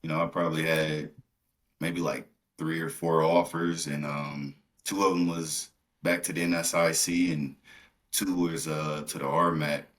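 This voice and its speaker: A man from Milwaukee, a podcast guest, telling his story in relaxed casual chat with fillers. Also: rumbling low, a little slow.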